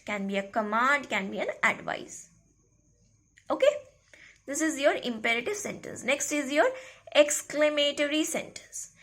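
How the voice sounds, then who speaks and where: In a high, bright voice, a woman teaches a school grammar lesson. She repeats each key phrase twice, slowly, and keeps checking in with the class.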